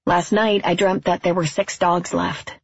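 A woman reading a literary story aloud as narrator, in a quiet, measured, wistful way, on a dull, dry recording. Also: fairly low pitch, flat delivery, vocal fry, breathy edge, no room sound.

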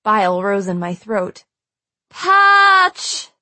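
A woman's voice: medium pitch, normal speed, no echo. A woman reading a first-person novel aloud in a tense, emotional storytelling manner. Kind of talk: first-person audiobook narration.

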